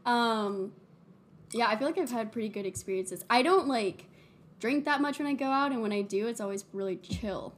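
Giggly young woman co-host, slightly high. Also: animated. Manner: giggly, quick reactions and teasing asides. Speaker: podcast co-host. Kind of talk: casual chat.

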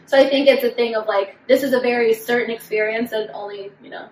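A young woman with a fairly high voice chats casually as a podcast co-host, full of "like" fillers. She sits a little back from the mic, so the room echo stands out, with a faint hum of noise behind her. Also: fairly even intonation, fast talker, darkish tone, recorded from a distance. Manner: chatty, many "like" fillers, mimics voices in stories. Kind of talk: casual chat.

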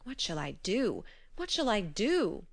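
A woman's voice: medium pitch, very animated, unhurried, creaky, exaggerated voice. A woman voicing a blustering male giant farmer in a storybook reading, her voice raised and urgent. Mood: fretful.

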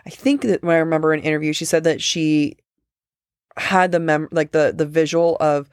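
Low voice woman, podcast cohost, chatty, lots of likes and you knows, dry close sound. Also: a little mellow, clear, resonant tone, no room sound. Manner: chatty, many fillers, reads quotes slowly. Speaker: podcast co-host. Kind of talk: casual book discussion.

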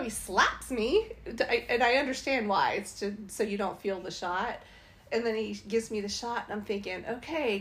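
A woman casually telling a travel story, animated and laughing as she goes. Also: medium pitch. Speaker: travel vlogger.

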